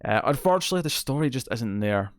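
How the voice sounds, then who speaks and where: Smooth-voiced man reviewing movies. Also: medium pitch, animated, fast, no echo, studio quality. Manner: enthusiastic, rambling with fillers and restarts. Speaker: film reviewer, show host. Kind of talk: casual spoken movie review.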